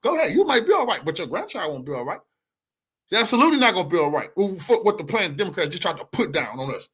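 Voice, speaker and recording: A man's voice: sits high, sing-song, quick pace, a bit bright, breathy edge. A man giving a heated, profane commentary rant as an online news commentator. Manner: angry, profane, preachy.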